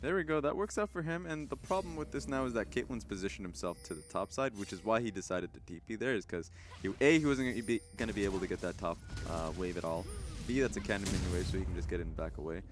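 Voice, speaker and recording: A man's voice: fairly low pitch, lively intonation. A man giving live esports color commentary, analytical and chatty, often voicing what players are thinking. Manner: fast analytical talk with fillers, acts out players' thoughts.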